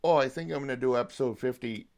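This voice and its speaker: A young man with a mid-range voice hosts a casual solo podcast at a quick pace. He rambles excitedly like a hyped fan, swearing freely as he goes.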